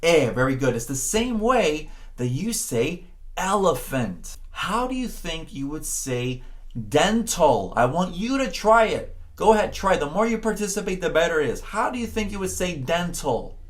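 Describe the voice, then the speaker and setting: A man teaching a Spanish pronunciation lesson, encouraging the learner, often checking in with "okay?", and drawing out words slowly to model them. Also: on the high side, very animated. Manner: slow, drawn-out words when modeling sounds. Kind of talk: spoken language lesson.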